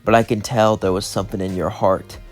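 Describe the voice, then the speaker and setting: A man voicing a weary male fallen-angel king and father who speaks quietly and matter-of-factly. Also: lowish voice, level tone, fairly quick, faint music behind, lightly acted. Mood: regretful.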